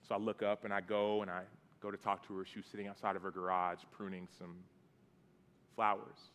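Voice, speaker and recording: A man's voice: fairly low pitch, little pitch movement, a little fast, fairly bright tone, long reverb tail. A man in his thirties telling a personal story in a sermon, casual and conversational, with fillers and restarts. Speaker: guest preacher. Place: church sanctuary.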